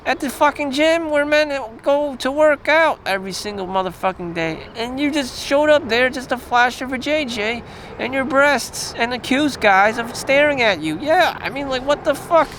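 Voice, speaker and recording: A man's voice: very high voice, a bit bright, a little hiss or hum. A man delivering a crude, agitated monologue, repeating himself and swearing a lot. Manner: crude, repetitive, agitated rant with frequent swearing. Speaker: vlogger. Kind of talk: profane ranting monologue.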